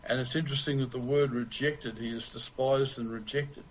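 A man preaching a sermon in a slow, deliberate way with long pauses. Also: mid-range voice, fairly even intonation, a little hiss or hum, low-quality recording.

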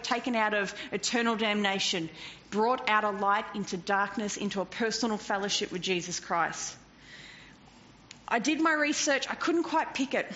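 A woman preaching a sermon in an animated way, swinging from loud to hushed and often laughing. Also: fairly high pitch. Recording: dull lo-fi recording with faint noise.

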